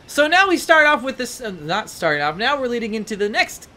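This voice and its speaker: A woman's voice: a little high, big pitch swings, brisk, sharp tone. A woman hosting a let's play, giving chatty, rambling and self-mocking commentary over gameplay.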